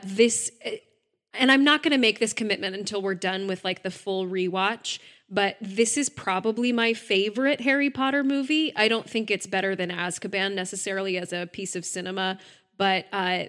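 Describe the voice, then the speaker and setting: A podcast co-host with a mid-range, fairly bright voice chats casually at a moderate pace. She sounds enthusiastic and uses many fillers.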